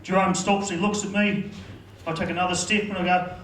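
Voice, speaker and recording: A man's voice: high-pitched, little pitch movement, brisk, fairly bright tone, reverberant, distant mic, poor audio. A man with a New Zealand accent doing rambling stand-up storytelling at a comedy club. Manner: rambling, lots of fillers and asides.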